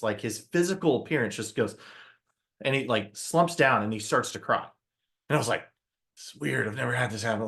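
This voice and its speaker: Animated man telling a story on stage. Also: medium pitch. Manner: animated storyteller, acts out his own quotes, asks the audience questions. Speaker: motivational speaker. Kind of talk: storytelling keynote talk to an audience.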